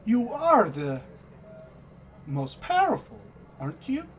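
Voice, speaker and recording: A man's voice: extremely high pitch, wildly swooping pitch, slow, voice pushed up, exaggerated voice. A man voicing a bossy bird-like Kenku wizard who talks in short, clipped commands. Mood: needling.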